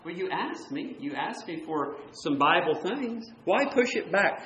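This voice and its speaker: A man preaching a sermon, moving between loud, emphatic points and quieter asides. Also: sits high, big pitch swings, a little slow, roomy sound. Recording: dull lo-fi recording.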